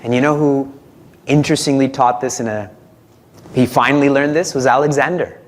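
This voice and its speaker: A man's voice: mid-range voice, steady tone, brisk, slight background noise. A man who is a spiritual teacher, giving a conversational discourse at a retreat, asking his listeners questions and chuckling often.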